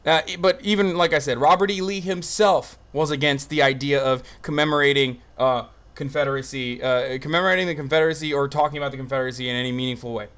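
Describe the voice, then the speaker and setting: A young man runs a live stream from his phone, talking in a rambling, profane way and flaring up in exasperation. His voice sits a little high for a man. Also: steady tone, fast talker, hardly any pauses, a bit bright. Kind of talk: livestream commentary.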